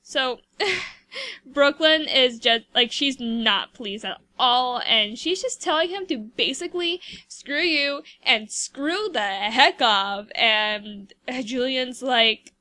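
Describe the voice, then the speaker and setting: A woman's voice: a little high, slow, bright, forceful tone, no room sound. A woman giving casual, rambling commentary over a life-sim game, chatty and full of fillers. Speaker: gameplay video host.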